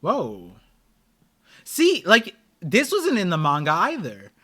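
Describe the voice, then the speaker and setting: A man hosting a live anime watch-party stream, reacting excitedly and chatting in a rambling way with his viewers. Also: high-pitched, slow pace, breathy edge. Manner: excitable, rambling, talks to chat.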